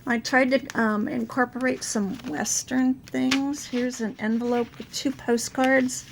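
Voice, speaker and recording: A middle-aged woman with a raspy voice from a sore throat, chatting casually through her craft project with many fillers. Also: high voice, fairly even intonation, a little slow, background noise. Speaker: crafting channel host. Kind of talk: casual show-and-tell craft video.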